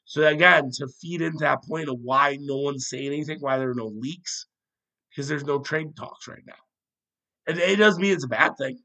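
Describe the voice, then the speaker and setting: A young man with a slight cold hosting a casual solo sports podcast, rambling and poking fun at himself as he thinks out loud. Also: on the high side, normal speed.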